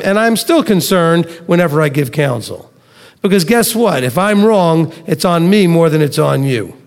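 A man's voice: on the high side, creaky. A middle-aged man giving a conversational Bible teaching on a live stream, telling homely stories. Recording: long hall reverb.

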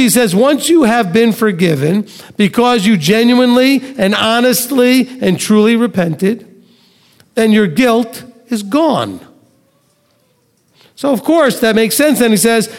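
A man preaching a sermon, teaching conversationally, reading scripture aloud slowly, and asking his listeners questions. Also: very high voice, animated, long reverb tail.

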